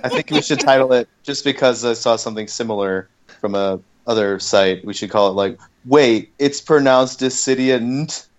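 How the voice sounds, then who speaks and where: A man's voice: lowish voice, steady tone, a little fast. A man co-hosting a casual gaming podcast, teasing the others dryly. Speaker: podcast co-host.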